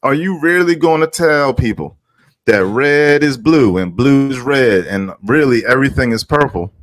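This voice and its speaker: A man rants to his viewers in heated, profanity-laced commentary. His voice sits at an ordinary middle pitch and he hammers his points by repeating them. The sound is close and dry. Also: animated, moderate pace, no room sound. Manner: heated, emphatic, swears a lot, repeats himself; greets viewers by name. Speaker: vlogger.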